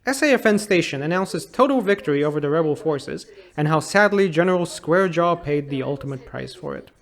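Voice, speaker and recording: A man's voice: fairly high pitch, animated, fairly quick, gravelly. A man in his thirties narrating a comedic game retrospective in a sarcastic, incredulous and exasperated way. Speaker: YouTube game reviewer.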